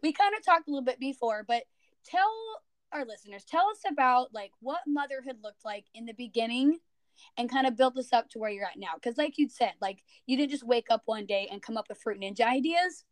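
A woman's voice: on the high side, animated, fairly quick, no room sound. A woman hosting a podcast, chatting casually, laughing and encouraging her guest. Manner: warm, laughing, encouraging interviewer. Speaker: podcast host. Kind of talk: casual interview chat.

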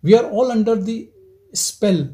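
A man gives a reflective spiritual talk as satsang teacher, probing listeners with repeated rhetorical questions in a gentle teaching tone. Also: sits high, animated, a little slow.

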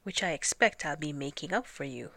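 A woman's voice: deep voice, animated, fairly quick, vocal fry, a bit bright, no echo, full character voice. A woman reading a storybook aloud and voicing a plucky young peasant girl with folksy, dryly doubtful replies. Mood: wry.

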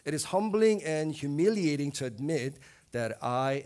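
A young adult man preaching a sermon as a pastor, earnest, with emphatic rises in pitch and volume on key points. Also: lively intonation, a little slow, a little mellow.

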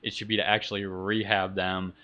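A man's voice: deep voice, little pitch movement, fairly quick, pushed and bright, dull audio. A male guest on a stream, talking through his views in a reasoned, laid-back way. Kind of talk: casual chat.

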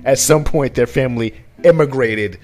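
Guy co-hosting a podcast, mid pitch, rambles and swears a lot, laughs easy. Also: normal speed, darkish tone, soft background music. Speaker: podcast co-host. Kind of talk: casual chat.

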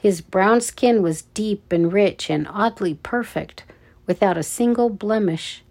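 Slow, measured woman narrator. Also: medium pitch, darkish tone. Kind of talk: audiobook narration.

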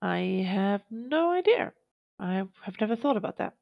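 A woman's voice: mid-range voice, sing-song, normal speed, vocal fry, dull audio. A woman co-hosting a podcast in casual chat, giving short, dry replies. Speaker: podcast co-host.

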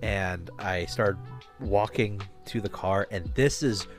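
A man's voice: on the low side, slow, faint music behind. A man hosting a podcast, telling a long rambling story in casual talk, with restarts and swearing. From Alaska. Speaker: podcast host.

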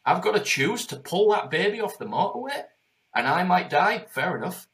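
A man's voice: high-pitched, normal speed. Profane, fired-up man in his forties. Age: 40s. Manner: profane, emphatic, animated. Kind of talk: passionate conversational talk.

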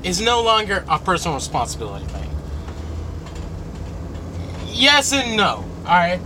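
Nasal young guy ranting, lots of swearing, high voice jumping around, street noise behind. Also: normal speed. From United States. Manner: rambling, profane, animated. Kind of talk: casual rant.

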